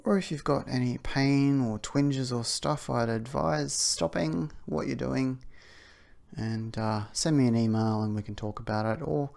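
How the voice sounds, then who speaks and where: Gravelly man leading a warm-up. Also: mid-range voice, a little slow. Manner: chatty, prone to asides. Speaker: exercise instructor. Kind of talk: guided warm-up instruction. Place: outdoors on a windy day.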